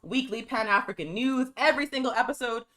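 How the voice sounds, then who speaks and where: A woman hosting a live political news stream, talking fast and emphatically, calling her viewers y'all and reading from a press release. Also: on the high side, a bit bright, rough recording.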